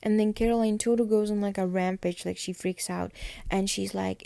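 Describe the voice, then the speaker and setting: A woman's voice: medium pitch, fairly even intonation, normal speed, gravelly, mellow, dry recording. A young woman hosting a podcast, casually recapping a TV episode in a chatty style full of fillers. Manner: chatty, filler-heavy retelling with quoted dialogue. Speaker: podcast host.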